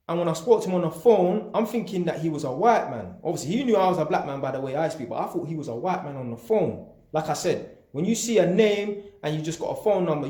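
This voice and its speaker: With reverberation around his somewhat high voice, a young man from England shares a slangy, casual story about working as an electrician. He's animated and does impressions of the people he quotes.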